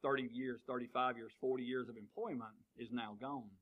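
A man's voice: mid-range voice, fairly even intonation, fairly quick, phone-quality sound. A man, preaching a sermon and asking the congregation one question after another. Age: 50s. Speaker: pastor.

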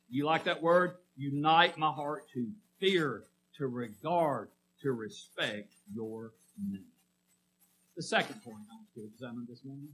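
A man's voice: on the high side, bright, forceful tone, rough recording. A middle-aged man preaching a sermon in a folksy way, often putting questions to the congregation.

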